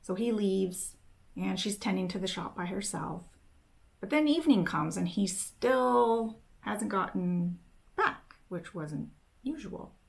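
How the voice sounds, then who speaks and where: Slow, gravelly-voiced young woman retelling a story. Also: mid-range voice, lively intonation. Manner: chatty, retells dialogue with "she's like". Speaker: book summarizing nail vlogger. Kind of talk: casual spoken story retelling.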